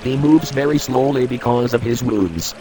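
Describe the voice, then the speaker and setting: An actor playing a humble, kindly poor wanderer who speaks earnestly in an audio drama. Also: male voice, mid-range voice, normal speed, music in the background, lightly acted.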